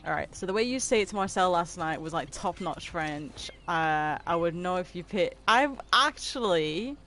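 A woman's voice: lowish voice, animated, normal speed, fairly bright tone, a little hiss or hum. Giggly young woman streamer. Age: 20s. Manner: chatty and giggly, reading out and answering chat. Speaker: game streamer. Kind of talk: casual live-stream chat with viewers.

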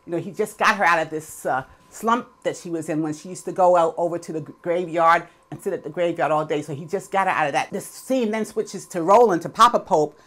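A woman's voice: on the low side, a bit bright. A woman giving a casual, chatty recap of a TV episode, opinionated and full of fillers. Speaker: TV episode reviewer.

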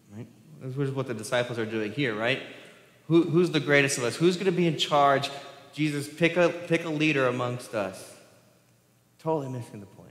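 A man's voice: mid-range voice, a bit bright. A man preaching a sermon as pastor, talking conversationally and acting out quoted voices in a church sanctuary. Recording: roomy echo with long hall reverb.

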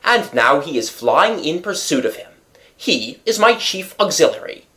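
A reader voicing a self-satisfied police commissary who questions and lectures in a measured way. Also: mid-range voice, sing-song, bright, forceful tone, voice pushed up. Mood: lecturing. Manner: measured, lecturing, pleased with himself.

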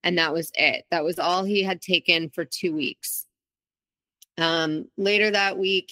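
A woman's voice: deep voice, sharp tone, dry recording. A woman guest in an interview, telling her own story in a candid, reflective way with frequent restarts. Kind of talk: interview, personal account.

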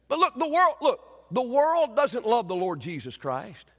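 A man preaches a sermon in a church, with a voice pitched high for a man. He swings from loud, dramatic storytelling down to hushed and earnest, and the long hall reverb hangs after each phrase. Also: wildly swooping pitch, measured pace, hardly any pauses. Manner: dramatic storytelling preacher, shouting acted quotes then dropping low and quiet. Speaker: pastor.

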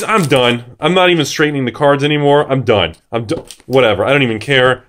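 A young man giving excitable unboxing commentary, swearing and shouting in disbelief. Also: medium pitch, brisk, few pauses. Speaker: card box opener.

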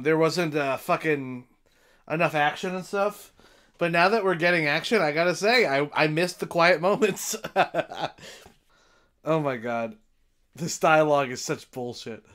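Excitable, bright-voiced man streaming. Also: on the high side, normal speed. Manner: excitable, profane, bursts into shouts. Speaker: live stream host. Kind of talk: casual live reaction chat. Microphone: desk mic with headphones.

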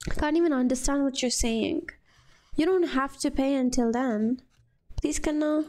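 A woman's voice: high voice, normal speed, natural voice. A woman reading a coaxing young mother. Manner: gentle coaxing. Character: patient young mother coaxing her son.

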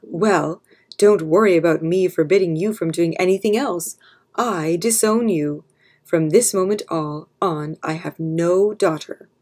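Woman voicing angry old senator, shouting, snarling, husky, children's storybook. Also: on the low side, measured pace. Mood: scornful.

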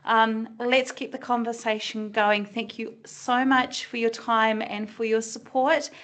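On a video call, a middle-aged New Zealand woman with a slight Kiwi accent co-hosts an online community meeting in a chatty way. Her voice is on the high side, steady and fairly bright, and she speaks unhurriedly, thinking aloud with small restarts.

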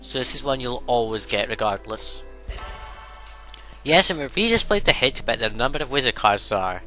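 A man's voice: medium pitch, expressive, normal speed, pushed and bright, faint music behind. A man casually commentating on a video game he plays, rambling and blunt, now and then swearing. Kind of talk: casual let's play commentary.

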